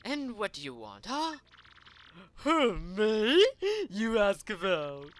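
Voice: mid-range voice, sing-song, slow, slight background noise, pitched above the performer's own voice. A gamer doing a flamboyant Spanish-accented merchant. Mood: pompous, theatrical. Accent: put-on Spanish accent. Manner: pompous, theatrical, grandiose. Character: flamboyant rich merchant man, vain and dramatic. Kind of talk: let's play reading of game dialogue.

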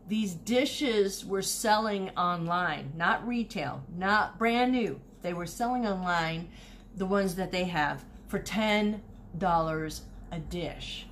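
A woman's voice: lowish voice, takes it slowly, fairly bright tone, a little hiss or hum. A woman, chatting casually and animatedly about her thrift finds, often repeating herself as she tells a story. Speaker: online reseller showing thrift finds. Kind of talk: casual haul video chat.

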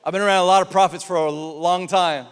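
Animated pastor in a big echoing hall. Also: male voice, sits high, quick pace, clean tone. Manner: animated storytelling, emphatic repetition. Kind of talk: sermon. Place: large church auditorium. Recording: long reverb of a large church hall.

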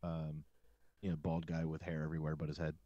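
A man co-hosting a casual film podcast, jokey and animated, laughing often. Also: extremely low pitch, fairly quick, no echo, muffled recording. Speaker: podcast co-host.

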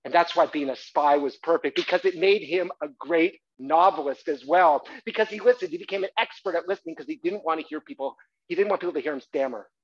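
A man performing a one-man stage show, telling the story in a lively, chatty way with asides to the audience. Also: fairly high pitch, fast talker, husky. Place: theatre stage, live audience. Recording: dull live theatre recording.

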